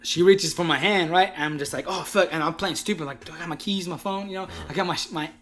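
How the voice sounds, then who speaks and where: Young male podcast co-host, rowdy storyteller, slightly high voice, quotes friends in character. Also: fast. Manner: animated storyteller, acts out quotes, laughs often. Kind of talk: casual storytelling chat.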